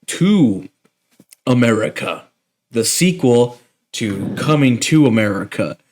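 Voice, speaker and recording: Laid back guy on a podcast, mid pitched voice, goes along with the jokes. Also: measured pace, slight background noise. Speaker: podcast co-host. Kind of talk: casual chat.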